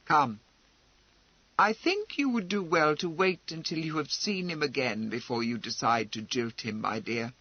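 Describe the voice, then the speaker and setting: A man's voice: on the high side, no room sound, highs cut off. Man voicing a proud, wry noblewoman. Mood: brisk. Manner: brisk, wry, commanding.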